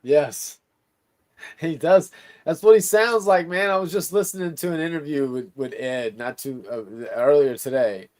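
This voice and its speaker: A man's voice: on the high side, normal speed, darkish tone. Easygoing man from Louisiana. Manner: laid-back, agreeable, profane. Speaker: guest. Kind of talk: casual sports talk stream.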